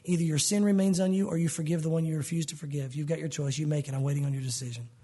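A man's voice: fairly high pitch, steady tone, very fast, warm tone, slightly rough, pitched below the performer's own voice. A man preaching a sermon voices God as patient and firm, setting out a choice.

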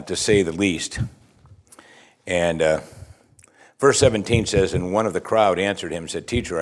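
A man preaching a sermon, reading scripture aloud and stopping to comment, talking conversationally and asking his listeners questions. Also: deep voice. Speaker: pastor.

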